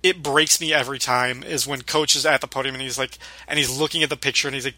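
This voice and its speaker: A man's voice: mid-range voice, fairly even intonation, fast, sharp tone, dry recording. A man co-hosting a podcast, talking in a casual, rambling way with lots of fillers and restarts. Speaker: podcast co-host.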